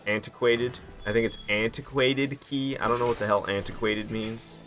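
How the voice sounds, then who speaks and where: A man giving casual, excitable commentary while playing a video game, slangy and quick to mock himself. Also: medium pitch, faint music behind. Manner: excitable, self-mocking, slangy. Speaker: gaming commentator.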